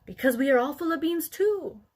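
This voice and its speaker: A lively little Chihuahua who chatters and chants, as a woman reads him aloud. His voice sits fairly high. It is a storybook read-aloud. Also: a little fast. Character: Poquito Tito, excitable little Chihuahua.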